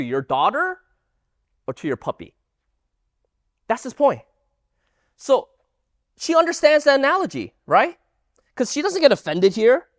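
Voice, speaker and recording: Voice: mid-range voice, dry recording, clean studio sound. A Bible teacher giving an emphatic lesson and firing rhetorical questions at the audience. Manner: animated, emphatic delivery.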